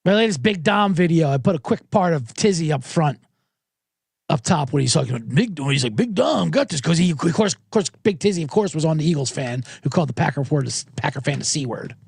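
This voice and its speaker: A man's voice: fairly high pitch, lively intonation, brisk, creaky, darkish tone, breathy edge, no room sound. A man hosting a podcast, rambling through a casual, irreverent and profane monologue into a close studio microphone. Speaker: podcast host. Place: home studio with monitors.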